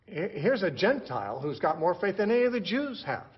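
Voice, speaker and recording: A man gives a verse-by-verse Bible lecture in a voice pitched a little above the usual male range. He explains patiently and often restarts his sentences by repeating a word or two. The recording is dull and lo-fi. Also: very animated, brisk, slightly rough. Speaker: Bible teacher.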